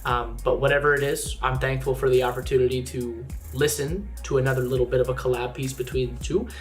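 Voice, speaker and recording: A man reacting casually to a music video, chatty and gushing with lots of fillers, sometimes jumping higher when excited. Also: fast talker. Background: music playing faintly.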